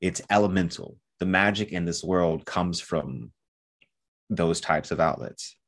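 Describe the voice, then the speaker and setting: A man's voice: deep voice, unhurried. A man co-hosting a podcast, thoughtfully analyzing the magic of a fantasy book in casual talk. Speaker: podcast co-host. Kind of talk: casual chat about a fantasy novel.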